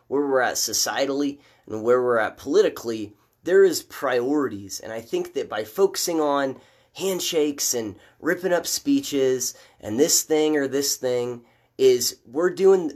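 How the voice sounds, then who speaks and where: Guy ranting on his political stream, fired up and fed up, voice jumps up when he's mocking stuff. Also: mid-range voice. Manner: animated, exasperated, rises sharply when mocking views. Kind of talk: casual live-stream commentary.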